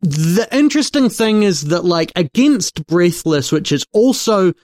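A man co-hosting a film podcast in casual discussion, talking haltingly and wryly as he searches for words. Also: high voice, sing-song, a little mellow, no echo, studio quality.

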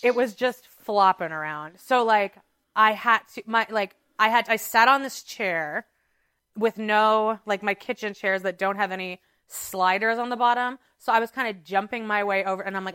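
A woman co-hosting a podcast recounts a story with animated, dramatic energy and lots of filler words. Her voice is bright and crisp. The sound is dry and close. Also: mid-range voice, normal speed, no room sound. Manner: animated, dramatic retelling with many "like"s. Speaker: podcast co-host. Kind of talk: casual storytelling chat.

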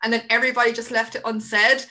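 A woman's voice: on the high side, flat delivery, fast talker, pushed and bright. An Irish woman co-hosting a podcast, chatting casually in a joking, self-mocking way. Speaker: podcast co-host.

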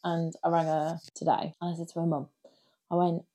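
This woman, a podcast co-host, has a fairly low voice and speaks quickly. She laughs often while telling lively stories in easygoing conversation.

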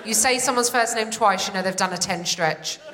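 A woman's voice: mid-range voice, normal speed, background noise. A British woman in her forties doing a sardonic, punchy stand-up set. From Britain. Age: 40s. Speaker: stand-up comedian. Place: theatre stage with live audience. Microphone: stage microphone.

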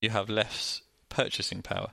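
A man with a Northern English accent co-hosting a finance chat, explaining things in a plain, measured way. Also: lowish voice, level tone, vocal fry, sharp tone, no room sound. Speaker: co-host.

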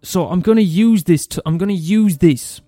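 A man's voice: sits high, moderate pace, warm tone, no echo, clean studio sound, faint music behind. A man from Limerick with a Limerick Irish accent, ranting in a comedic monologue, profane and exasperated, often restarting and repeating himself. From Limerick, Ireland.

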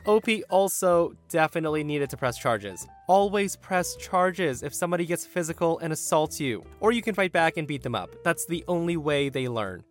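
A man with a slightly raised voice tells a story on his podcast, getting animated and indignant as he acts out what people said. Faint music plays softly behind him. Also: fairly high pitch, moderate pace, hardly any pauses. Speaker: podcast host. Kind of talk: storytelling narration.

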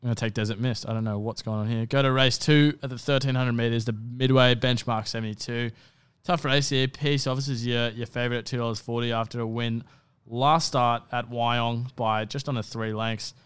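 An Australian man talks through his racing picks on a podcast, rambling and correcting himself as he goes. His voice is very crisp and clear at a middling pitch, recorded close and dry. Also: fairly even intonation, fairly quick, a bit bright, no echo. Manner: rambling, self-correcting, lots of ums. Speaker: podcast co-host tipping races. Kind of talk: casual racing tips chat.

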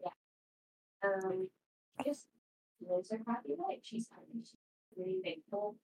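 A woman chatting casually before a live stream, retelling a show in a rambling, animated way with lots of fillers. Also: on the high side, slow pace. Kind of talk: casual chat. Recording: roomy, distant mic with background noise.

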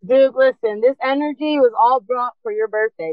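A woman's voice: fairly high pitch, moderate pace, dry recording. A woman speaks with earnest, rising urgency as she tells her own story and urges listeners on. Her voice comes through thin and tinny, like a phone call. There is no room sound around her. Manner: earnest, impassioned, urgent encouragement. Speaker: guest. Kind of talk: emotional personal testimony.

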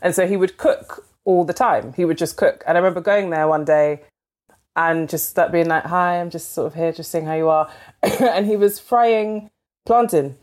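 A woman novelist from London, chatting as an interview guest, filling with "like" and acting out quoted dialogue. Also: normal speed. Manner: chatty, fills with "like", acts out quoted dialogue with lively pitch jumps. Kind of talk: casual storytelling interview.

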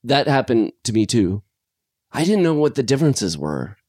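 Excitable man recapping a movie. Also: moderate pace, no room sound, clean studio sound. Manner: excitable, animated rambling with pitch jumps. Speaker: podcast co-host. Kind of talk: casual film review chat.

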